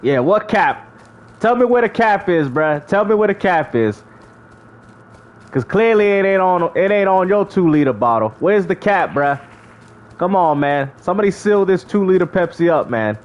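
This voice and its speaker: A man's voice: high-pitched, lively intonation, moderate pace, highs cut off. A man streaming live, casually bantering and mocking rival gamers, laughing often as he talks. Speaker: gaming streamer.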